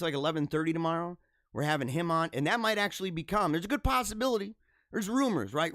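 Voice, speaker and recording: A man hosting a live show with children at school, chatting in an excitable, rambling way, often laughing and repeating himself. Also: fairly high pitch, no room sound, clean studio sound. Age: adult with school-age children. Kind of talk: casual live-stream chat.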